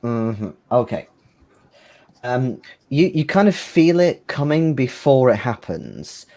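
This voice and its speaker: A man narrates a tabletop session at an unhurried pace, his voice sitting mid-range. He pauses often and fills the gaps with hesitant ums. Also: mid-range voice, sing-song, darkish tone. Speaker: game master.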